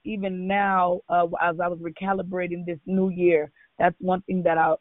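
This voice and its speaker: A man's voice: high-pitched, dry recording. A man calling into a prayer line, grateful and polite, with many fillers. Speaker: caller. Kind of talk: casual prayer-line chat. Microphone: phone. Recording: dry tinny phone line.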